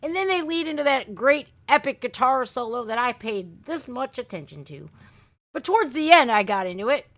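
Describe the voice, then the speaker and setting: A middle-aged woman, chatting loudly and excitably on a live stream while reacting to music videos. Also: sits high, moderate pace. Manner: loud, brash and excitable, shouting and laughing.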